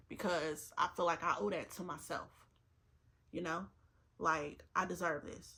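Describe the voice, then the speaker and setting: A vlogger in her twenties chats earnestly to camera while getting ready, repeating herself for emphasis and fighting back tears. Her lowish voice is steady and measured with vocal fry, over a noisy background.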